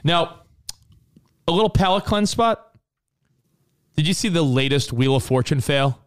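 A man's voice: a little high, measured pace, clear, resonant tone. A man co-hosting a casual talk radio show, telling stories and acting out quotes. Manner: animated storyteller, acts out quotes. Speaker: co-host.

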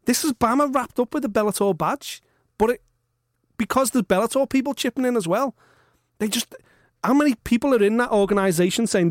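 A man hosting a podcast, ranting in animated, sweary casual chat. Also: high-pitched, brisk, no echo, studio quality. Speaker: podcast host.

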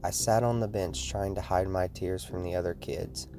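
A man narrating a scripted horror story in the first person with a steady storytelling delivery. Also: deep voice, moderate pace. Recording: music playing behind the voice.

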